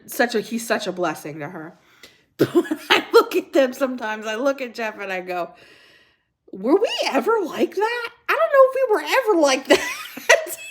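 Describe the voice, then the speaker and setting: Middle-aged woman, livestream host, chatty, laughs often, lively higher voice. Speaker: livestream host reading viewer comments. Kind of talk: casual livestream chat.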